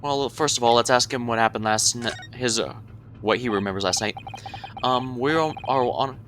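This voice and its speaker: A man's voice: mid-range voice, normal speed, fairly bright tone, slight background noise. A male streamer reading game dialogue aloud in a chatty way, sometimes tripping over his words.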